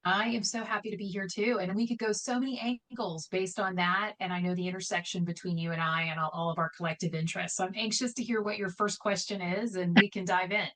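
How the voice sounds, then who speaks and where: A woman's voice: mid-range voice, fairly even intonation, fast, few pauses, fairly bright tone. A middle-aged woman from Texas, talking energetically as an interview guest, joking often and using many fillers. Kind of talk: conversational interview.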